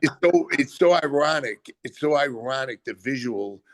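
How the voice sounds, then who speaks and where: An older man telling animated stories as a guest, acting out other people's lines in quotes. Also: medium pitch, moderate pace, dry recording. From Brooklyn, USA. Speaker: retired pro wrestler guest. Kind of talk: animated storytelling.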